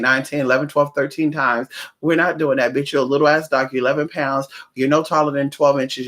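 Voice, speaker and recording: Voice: medium pitch, a bit bright. A vlogger who works as a spiritual practitioner, chatting casually from home in a sassy, profane, rambling way. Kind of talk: casual vlog chat. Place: home, indoors.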